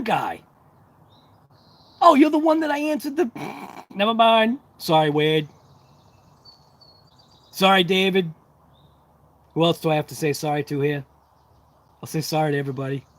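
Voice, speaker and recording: A man's voice: high-pitched, sing-song, moderate pace, long pauses. A man hosting a casual hobby livestream, chatting to viewers in a rambling, talkative, self-deprecating way. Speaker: RC hobby channel host.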